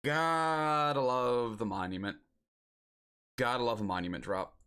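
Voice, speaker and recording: A man's voice: mid-range voice, fairly even intonation, a little slow, pushed and bright, clean tone. A young man streaming a geography guessing game, chatting casually and musing aloud as he guesses locations.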